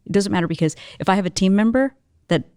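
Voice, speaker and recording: A woman speaks as an interview guest, recounting her own journey in a lively, expressive way, peppering her talk with casual fillers. Her voice sits in an ordinary middle register. The sound is dry and close, with no room around it. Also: medium pitch, fast, smooth, dry recording. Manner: animated, expressive, many filler "like"s. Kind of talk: personal storytelling in an interview.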